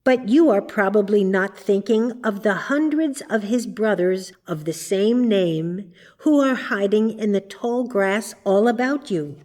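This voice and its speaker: A calm, amused dream figure from a storybook, read by a woman, teasing in a dry, flat-toned way. The lines come slowly and evenly, like a roll call. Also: mid-range voice, natural voice.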